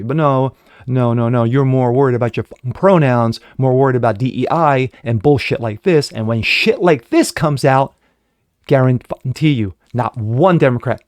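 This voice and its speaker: A middle-aged man rants on his own commentary show, swearing often and jumping from sudden loud bursts to low, bitter mutters. His voice sits at a middling pitch, and he mimics the people he quotes in a sneering tone. The sound is close and dry, with no room echo. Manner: profane ranting, swings from shouting to muttering; mocking put-on voices when quoting others. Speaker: host. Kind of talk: angry political commentary.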